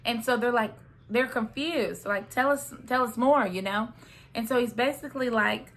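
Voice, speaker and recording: A woman's voice: mid-range voice, bright, forceful tone. A young woman chatting casually through a reality TV recap, sassy and talkative, often checking in with "okay?" and "right?".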